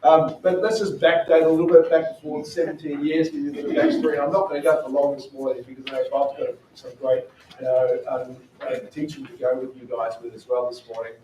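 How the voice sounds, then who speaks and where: A man's voice: medium pitch, flat delivery, brisk, few pauses, dark tone, lo-fi sound, slight background noise. A man with an Australian accent, a missionary speaking to a church group in a chatty, storytelling way full of fillers. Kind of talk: casual talk to a church group. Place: church hall. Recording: roomy echo from a distant mic.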